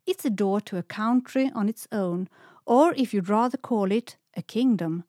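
A woman's voice: medium pitch, moderate pace, dark tone, no echo, studio quality, lightly acted. A woman reading a storybook, voicing a pair of noble white swans who speak politely and mysteriously.

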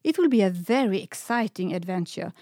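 A woman voicing an excitable young dog girl. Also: medium pitch, brisk, dry recording, studio quality, lightly acted. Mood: excited. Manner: wide-eyed, excited, a little fearful.

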